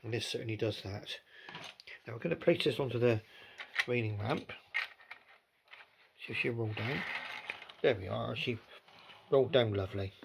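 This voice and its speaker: A man's voice: medium pitch, moderate pace, gravelly, pauses often, noisy background. A man, chatting casually about model railway pieces while filming on his phone. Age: 60s. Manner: chatty and rambling, with gentle asides. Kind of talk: casual hobby commentary.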